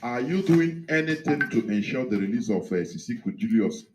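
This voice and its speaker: A male interviewer asking a long question in a measured, hesitant way, played from an archived radio show. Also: medium pitch, expressive, background noise.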